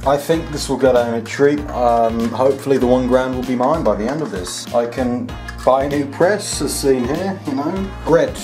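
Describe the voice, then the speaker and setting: A man's voice: medium pitch, natural voice. A young man playing a proud, touchy Englishman hosting a dinner, in an amateur comedy parody, talking pompously with many hesitations. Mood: boastful. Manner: pompous, hesitant, quick to anger. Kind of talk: amateur parody reality-show acting. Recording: roomy room with background music.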